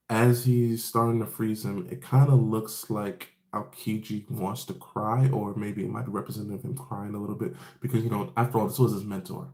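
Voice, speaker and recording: Man, low-ish voice, casual rambling recap, swears a lot, echoey room. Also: a little mellow. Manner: rambling, profane, laid-back storytelling with fillers. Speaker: anime episode recap host.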